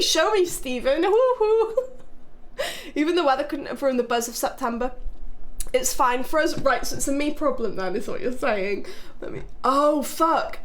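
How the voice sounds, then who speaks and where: A chatty young woman from Britain talks casually to her live-stream audience, giggling as she goes. Her voice sits high. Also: a bit bright. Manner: chatty, giggly, reading chat aloud.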